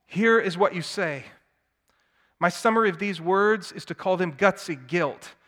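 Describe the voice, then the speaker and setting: A man preaching a sermon, swinging from hushed tones to loud, emphatic declamation. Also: high voice, measured pace. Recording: long hall reverb.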